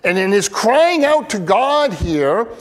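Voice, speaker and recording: A man preaching an earnest, expressive sermon, acting out the pleas he quotes. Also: sits high, slow, in a large hall. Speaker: pastor.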